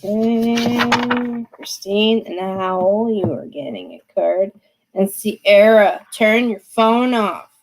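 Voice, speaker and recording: A woman reads tarot cards live from home, speaking at an unhurried pace. Her delivery is chatty and emphatic, and she breaks into laughter often. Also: medium pitch, slight background noise, poor audio. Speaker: tarot reader. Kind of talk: live-stream reading.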